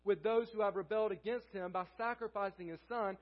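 High-voiced pastor, earnest sermon. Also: male voice, brisk, lo-fi sound. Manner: earnest, repeats key phrases for emphasis; asks the congregation questions and answers them. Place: church sanctuary.

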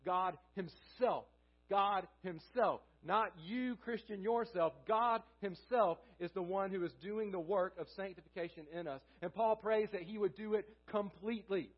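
Male pastor, high voice, sermon, repeats key phrases, asks and answers questions, dull lo-fi recording. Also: moderate pace, few pauses. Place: church sanctuary.

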